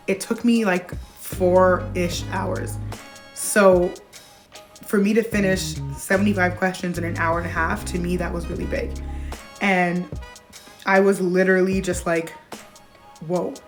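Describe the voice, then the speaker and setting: A pediatric nurse in her twenties tells a personal story to camera, casual and animated, with bursts of laughter. Her voice is medium in pitch.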